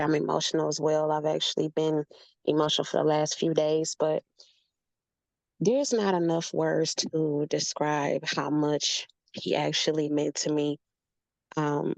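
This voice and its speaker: A woman sharing a heartfelt memory in a casual group chat, earnest and measured. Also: low-pitched, gravelly, darkish tone, no room sound, poor audio. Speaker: guest participant.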